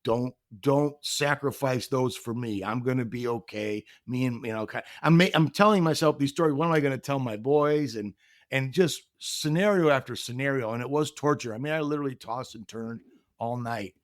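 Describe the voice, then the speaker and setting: A man's voice: mid-range voice, normal speed. A middle-aged man speaks as a podcast guest, telling a personal story in an earnest, reflective way. He acts out the other people's lines as he goes. His voice sits in an ordinary mid range and sounds dry and close, with no room echo.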